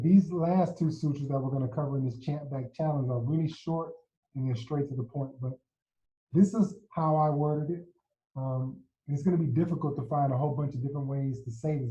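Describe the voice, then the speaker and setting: A man teaching yoga philosophy in a casual video tutorial, relaxed and chatty, often checking in with his listeners and chanting slowly and evenly. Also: mid-range voice, lo-fi sound.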